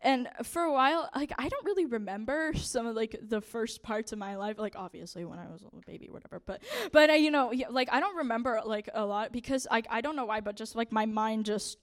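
Young woman, high voice, nervous giggles, church testimony. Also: brisk, hardly any pauses. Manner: nervous, shaky, laughing between phrases. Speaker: church member giving testimony. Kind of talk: personal testimony to a group.

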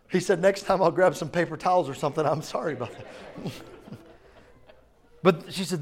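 A man's voice: on the high side, moderate pace, long pauses, husky. A man preaching a sermon in a conversational way, often asking the congregation whether they understand. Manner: conversational preaching, asks the crowd questions. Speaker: pastor.

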